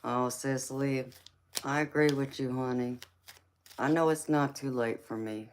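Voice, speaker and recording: Southern American woman, live stream host, slow easy chat, affectionate with viewers. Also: extremely low pitch, a little hiss or hum. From California. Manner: warm terms of endearment, slow relaxed talk.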